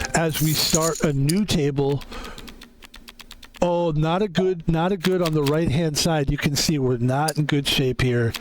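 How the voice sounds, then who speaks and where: Chatty streamer man, slightly hoarse. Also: fairly high pitch, a little hiss or hum. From East Coast of the US. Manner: relaxed, chatty, self-described cozy. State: slightly hoarse from a sore throat. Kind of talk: casual game commentary. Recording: music playing underneath.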